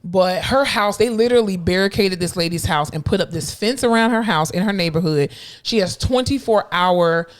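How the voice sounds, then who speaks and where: Young woman, podcast co-host, casual and blunt, lively storyteller. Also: mid-range voice, moderate pace. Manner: blunt, animated storytelling with voiced quotes. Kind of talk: casual chat.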